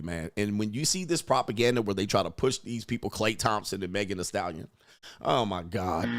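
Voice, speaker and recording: A man's voice: medium pitch, no echo, clean studio sound. A man hosting his own stream, giving blunt, mocking commentary while reacting to a clip. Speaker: host.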